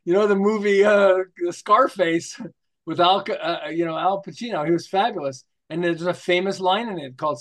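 Older male guest, high-ish voice, animated storyteller who acts out quotes. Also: brisk. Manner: animated, acts out quotes, keeps checking in with "okay?". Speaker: marketing guest. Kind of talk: storytelling interview talk.

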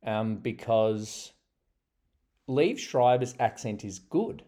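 A man's voice: medium pitch, expressive, slow pace, dark tone. An Australian man co-hosting a podcast in casual chat, chatty and laughing often. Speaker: podcast co-host.

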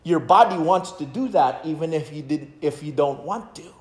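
A man's voice: a little high, moderate pace, roomy sound. A man preaching a sermon on music, stressing his points and singing short hymn lines to show rhythm. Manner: emphatic, sings hymn lines to demonstrate rhythm.

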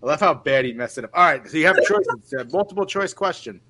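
A man's voice: fairly high pitch, animated, quick pace, noisy background. A young man co-hosting a casual podcast and running a trivia segment, upbeat and rambling with restarts. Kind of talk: casual chat, quizmaster.

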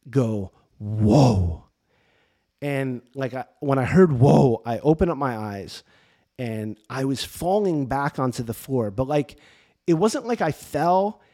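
A middle-aged man, a priest, telling a personal faith story in casual, animated talk with many restarts and fillers. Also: mid-range voice. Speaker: priest and podcast host. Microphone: camera and mic for video podcast.

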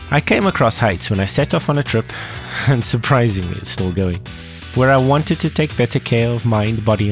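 A man hosting a podcast, asking quick follow-up questions and reading a sponsor message. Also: medium pitch. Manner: conversational, asks quick follow-ups. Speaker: podcast host. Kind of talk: interview questions and sponsor read.

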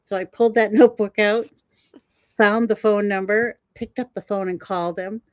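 An older woman, a herbalist guest, telling animated stories in a conversation and laughing often. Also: mid-range voice, normal speed, no echo. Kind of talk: storytelling in a conversation.

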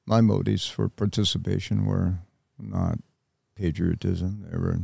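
An older American man speaks in a very low, gravelly voice, slow and reflective, stopping often to find his words. His tone is dark and mellow, recorded close and dry. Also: fairly even intonation, dry recording. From United States. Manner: halting, reflective, with many pauses. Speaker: interview guest, Vietnam veteran. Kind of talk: reflective interview talk.

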